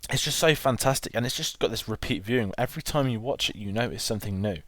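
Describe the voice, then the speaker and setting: A man's voice: medium pitch, quick pace, a bit bright, dry recording. A man co-hosting a film podcast, chatting enthusiastically and rambling with restarts. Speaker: podcast co-host. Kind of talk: casual film chat.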